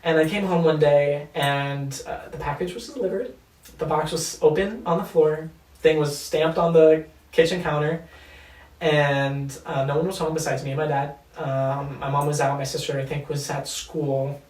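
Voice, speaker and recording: A young man as an interview guest, telling his story in a candid, animated way and swearing freely. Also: fairly high pitch, moderate pace. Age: young adult. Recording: echoey room, distant mic.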